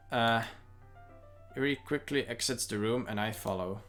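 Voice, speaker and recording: A man's voice: medium pitch, moderate pace, a bit bright, soft background music. A man streaming a visual novel, reading its narration and every character's lines in his own voice and breaking off for joking asides. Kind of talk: casual let's-play narration and dialogue reading.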